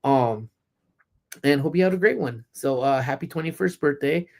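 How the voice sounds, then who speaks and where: Slightly high-pitched with vocal fry, a Southern California livestream host talks at a moderate pace from his parked car. Casual and story-driven, he says um a lot and becomes blunt and profane when annoyed.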